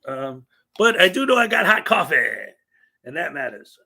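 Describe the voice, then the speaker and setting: A man's voice: high-pitched, big pitch swings, moderate pace, gravelly, pushed and bright. A man in his thirties hosting a casual livestream, chatting in a rambling way and greeting viewers in the chat. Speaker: livestream host.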